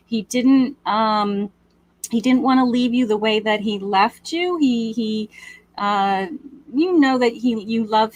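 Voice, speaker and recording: Female live-stream medium host, unhurried and tender, lots of fillers, raised pitch. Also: dry recording. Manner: slow, gentle, endearing, with many fillers. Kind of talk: live-stream reading to viewers.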